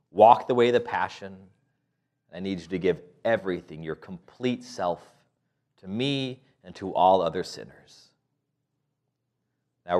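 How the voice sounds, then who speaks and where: A man preaching a sermon in a conversational, playful way, full of rhetorical questions and light laughs. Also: low voice.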